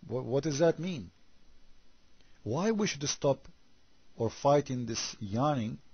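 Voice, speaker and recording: A man's voice: medium pitch, lively intonation, takes it slowly, husky, no room sound, lo-fi sound. A man whose first language is Arabic, giving sarcastic critical commentary on scripture and firing off rhetorical questions. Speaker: religious debater.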